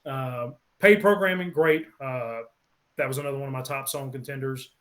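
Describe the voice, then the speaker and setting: A man's voice: medium pitch, normal speed. Rambling man reviewing songs one by one. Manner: rambling, many ums, lists songs one by one. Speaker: podcast co-host. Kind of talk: casual album review chat.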